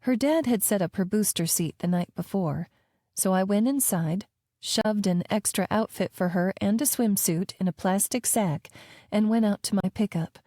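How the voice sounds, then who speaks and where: Mellow woman narrating an audiobook. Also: mid-range voice, moderate pace, dry recording, clean studio sound. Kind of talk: first-person romance audiobook narration.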